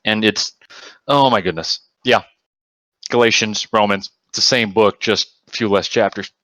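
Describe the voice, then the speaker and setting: A man in a casual group Bible study discussion who gets excited and emphatic, repeating words as he talks. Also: fairly low pitch, normal speed, no echo, low-quality recording.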